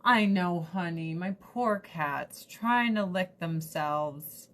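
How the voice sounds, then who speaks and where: A woman's voice: lowish voice, slow, fairly bright tone. A woman in her thirties from the United States, chatting casually and rambling to the camera as a vlogger, swearing now and then.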